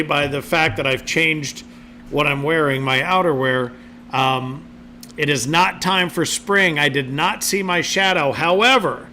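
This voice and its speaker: A man hosts a casual podcast, rambling from one topic to the next with easy jokes and plenty of fillers. His voice sits a bit high and has a bright, forward edge. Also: slight background noise. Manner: chatty, jokey, loose with many fillers. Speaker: podcast co-host. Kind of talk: casual show hosting.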